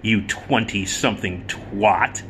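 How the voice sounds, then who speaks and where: A man's voice: lowish voice, takes it slowly, a bit bright, a little hiss or hum, voice pushed down. A man impersonating a crude, contemptuous old male actor in a mocking, exaggerated way.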